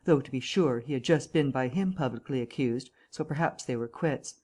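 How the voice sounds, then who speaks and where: A woman narrating an audiobook in a measured, even storytelling manner. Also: a bass voice.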